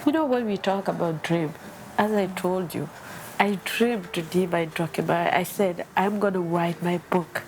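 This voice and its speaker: A woman's voice: on the low side, normal speed, a little mellow, slight background noise. A woman from Guinea, speaking earnestly and confessionally about her life in an interview. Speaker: documentary subject. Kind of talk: personal interview.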